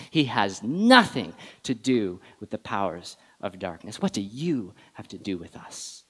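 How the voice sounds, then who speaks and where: Male preacher, animated, conversational sermon, slightly high voice, long reverb. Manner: animated and conversational, asks the congregation questions. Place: church. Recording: long reverb of a large hall.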